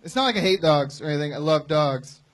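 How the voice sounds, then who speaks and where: A man's voice: on the high side, animated, fast. Man ranting through a stand-up bit. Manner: ranting, exasperated storytelling. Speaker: stand-up comic. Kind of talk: stand-up set, then defending it. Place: live comedy venue.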